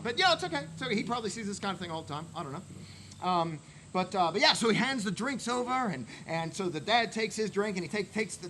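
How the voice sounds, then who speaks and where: A man telling a long comic story, rambling and repeating himself, building up to excited shouting. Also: sits high, background noise. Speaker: comic storyteller in a band show. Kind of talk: comic shaggy-dog storytelling.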